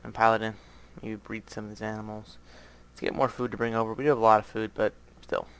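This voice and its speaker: A man's voice: on the low side, level tone, fast talker, fairly bright tone, clear, resonant tone. A man with a light Southern US accent hosting casual gameplay commentary, rambling and thinking aloud, often muttering to himself. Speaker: gaming channel host.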